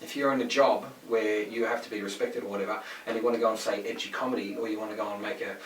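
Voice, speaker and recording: A young man in casual podcast chat, rambling fast with opinions and swearing. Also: on the low side, steady tone. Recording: echoey room, mic at a distance, faint noise.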